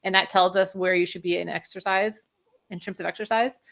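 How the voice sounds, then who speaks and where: Brief: woman guest expert, bright, lively explainer, laughs easily. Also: medium pitch, fairly quick, creaky. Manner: energetic, explanatory, laughs often. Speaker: functional medicine practitioner, guest. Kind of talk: interview conversation.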